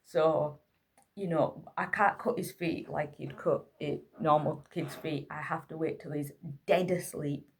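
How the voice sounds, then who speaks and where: A single mother speaks to the camera in an emotional personal vlog, candidly recounting a hard night with her autistic son. Exhausted and close to tears, she speaks in a low, husky, steady voice without hurrying.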